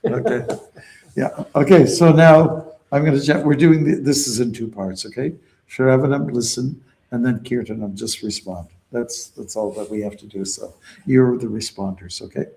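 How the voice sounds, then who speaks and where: A man's voice: medium pitch, steady tone, normal speed, gravelly, warm tone, low-quality recording. A man teaching a devotional mantra, explaining it patiently and calling out chant lines for a group to repeat. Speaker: devotional teacher leading kirtan. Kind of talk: call-and-response mantra teaching.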